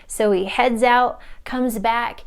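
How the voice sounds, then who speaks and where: A woman's voice: fairly even intonation, slow pace, creaky, smooth. A young woman, a spiritual mentor, casually telling a story to the camera and acting out the quoted lines with big jumps in her voice. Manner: chatty, acts out quotes with big pitch jumps and laughs.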